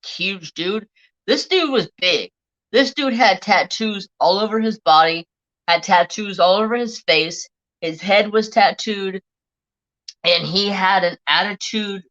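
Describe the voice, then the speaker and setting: A woman's voice: lowish voice, a bit bright. A middle-aged woman hosting a live stream, telling a rambling, profane story in a blunt, casual way while answering chat. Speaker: livestream host. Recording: dull lo-fi stream audio.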